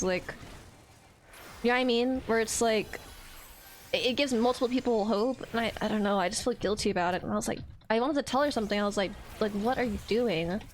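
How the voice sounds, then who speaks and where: On a rough recording with slight background noise, a young woman streamer whose voice runs high chats casually with viewers while venting. She rants, swears often, and keeps tripping over her words and starting again.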